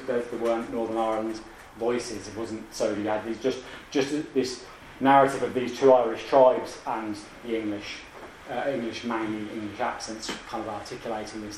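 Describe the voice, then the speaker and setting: Male lecturer, mid-pitched, halting delivery full of restarts; echoey hall, mic set back, faint background noise. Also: a little mellow, distant mic. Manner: halting, many restarts and asides. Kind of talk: academic lecture.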